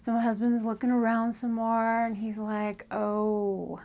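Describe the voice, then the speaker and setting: A woman telling a personal story in a casual storytelling style, often dropping to a hushed whisper for suspense. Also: fairly high pitch, little pitch movement, normal speed. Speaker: storytime vlogger.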